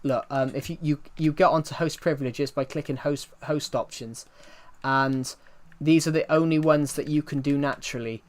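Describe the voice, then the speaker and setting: A man's voice: fairly high pitch, fairly even intonation, normal speed. Rambling young British man streaming. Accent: British, not London. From United Kingdom. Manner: rambling, repeats himself, frequent "um" and "if you get what I mean". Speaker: game streamer. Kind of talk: casual live-stream chat.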